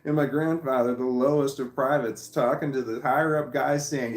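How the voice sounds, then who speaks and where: A man's voice: on the high side, steady tone, normal speed, hardly any pauses. A man casually telling a long rambling story, laughing often and swearing now and then. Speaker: vlogger. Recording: echoey room.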